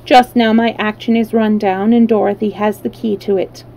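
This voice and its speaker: A woman doing a harsh, slow clockwork man. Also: medium pitch, lightly acted, low-quality recording. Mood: mechanical. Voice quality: harsh and metallic. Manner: slow, flat and mechanical.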